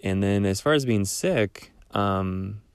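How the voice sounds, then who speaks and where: A young man with a cold, hosting a casual solo podcast in a rambling, relaxed way with small laughs. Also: lowish voice, slow pace, clean tone, no echo. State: stuffed-up cold voice. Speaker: podcast host.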